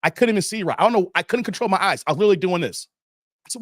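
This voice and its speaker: A man with a notably high speaking voice hosts a casual livestream and tells his story in an animated way, acting out the voices of people in it. He talks straight to his chat. The sound is close and dry, with no room echo. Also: rapid-fire. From Chicago, USA. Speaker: livestream host.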